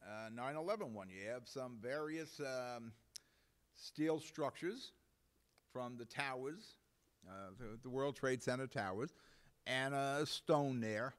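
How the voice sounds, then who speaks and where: A man's voice: medium pitch, slow. A man hosting a local talk show, ranting bluntly and indignantly with some cursing. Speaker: host.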